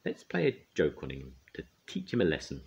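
A man voicing a polite, proud little steam engine in a storybook reading, speaking calmly. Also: rumbling low, fairly quick, vocal fry, husky, full character voice. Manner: polite and calm.

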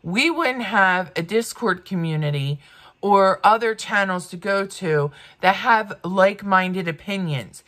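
A woman's voice: medium pitch, animated, a little slow, a bit bright. A woman in her fifties doing get-ready-with-me commentary, blunt and ranting, swearing freely. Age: 50s. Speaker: beauty vlogger.

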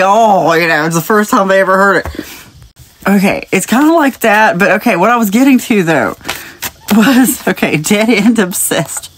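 A woman giving a casual spiritual reading straight to the viewer. She chats and rambles, wanders into side stories and laughs lightly between thoughts. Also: medium pitch. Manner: speaks directly to the viewer, wandering off into tangents. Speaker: spiritual message reader.

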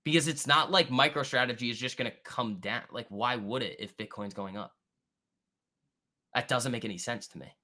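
A man with a bright, forceful voice hosts a live trading stream. He talks loosely and casually, full of slang, answering viewers' chat as he goes. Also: mid-range voice, moderate pace. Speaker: trading livestream host.

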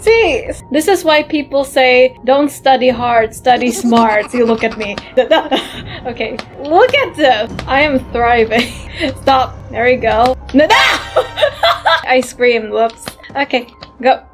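Giggly lady gamer, high voice, slow unhurried talk, music playing faintly under her. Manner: giggly and excitable, laughs often. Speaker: gaming YouTuber. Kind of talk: playing a game live with commentary. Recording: background game music.

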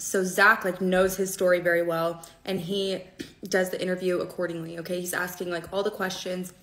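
Woman doing storytime, kinda low voice, keeps saying okay?. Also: a bit bright. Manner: conversational, checks in with "okay?". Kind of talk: storytime recounting.

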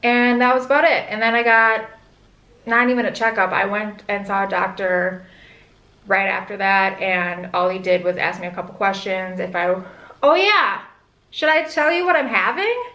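A woman's voice: medium pitch, moderate pace, pushed and bright. A young pregnant woman vlogging casually, rambling candidly with lots of "like". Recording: echoey room.

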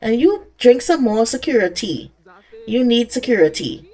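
A young woman talks over her life-sim gameplay in a casual, excitable way, scolding the characters and laughing often. Her voice sits a little high and swoops all over the place. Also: moderate pace. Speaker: gaming content creator. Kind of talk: casual let's-play commentary.

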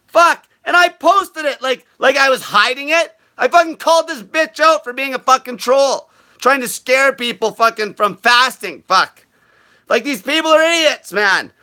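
A high, piercingly bright male voice tears through an angry vlog rant, swearing nonstop. He mocks his critics in a drawn-out, sneering tone. He sounds furious and contemptuous. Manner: profane, shouting, furious; mocks others in slow sneering voice. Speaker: diet channel host.

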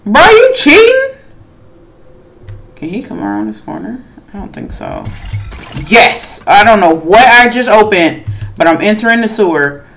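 A gamer gives let's play commentary on a horror game, chatting nervously and talking back to on-screen characters and other players, swinging from hushed asides to excited outbursts. The medium-pitched, creaky voice moves at a moderate pace over a little hiss or hum.

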